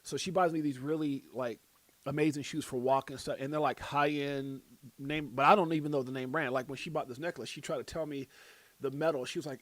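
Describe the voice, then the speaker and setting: A man's voice: mid-range voice, fast, no echo. A middle-aged man rambling through a casual livestream chat, telling stories with lots of fillers. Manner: rambling, many fillers, tells anecdotes. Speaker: crypto livestream host. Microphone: phone and smart glasses.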